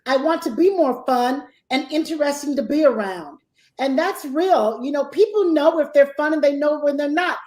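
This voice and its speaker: A woman's voice: sits high, moderate pace, darkish tone. A woman co-hosting a talk radio show, speaking conversationally and reflectively. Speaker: radio co-host.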